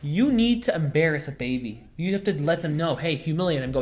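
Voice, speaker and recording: A man's voice: a little high, lively intonation, a little fast. A young man hosting a casual chat, rambling and goofy, full of fillers and restarts. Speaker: podcast host.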